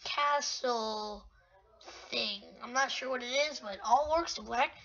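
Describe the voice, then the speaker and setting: A woman giving excitable, rambling gameplay commentary, talking to herself as she plays. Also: fairly high pitch, unhurried. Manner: excitable, rambling, talks to self. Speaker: gamer. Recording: dull lo-fi recording.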